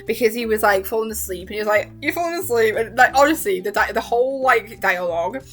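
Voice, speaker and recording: A woman's voice: medium pitch, quick pace, soft background music. Gushing young woman vlogger. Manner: excitable and gushing, laughs often, acts out quotes. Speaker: vlogger reviewing a TV season. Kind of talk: casual chat.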